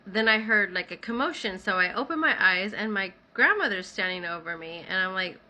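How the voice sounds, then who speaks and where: A woman with a bright, clear voice tells her own story in a loose, everyday way. She fills her sentences with "like" and "you know" as she goes. Her voice sits at an ordinary middle pitch. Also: expressive, a little fast. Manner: conversational, many "like" fillers. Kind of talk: casual first-person storytelling.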